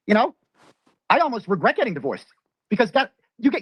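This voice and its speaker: A man's voice: sits high, very animated, a little fast, pauses often, fairly bright tone, husky. A man in a ranting monologue, profanely reading his ex's messages aloud and picking them apart.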